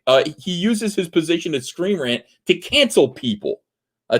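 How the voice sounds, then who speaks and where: A man hosting a livestream, ranting in a heated, profane way with many filler pauses. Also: on the high side, lively intonation. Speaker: livestream host. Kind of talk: livestream commentary rant.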